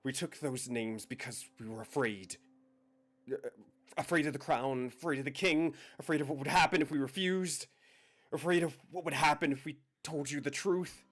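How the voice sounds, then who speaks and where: A man voicing an anguished middle-aged mother confessing a long-kept secret, halting and pleading. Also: mid-range voice, fairly bright tone, close to an everyday voice. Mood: grave. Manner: halting, breaks into pleading outbursts.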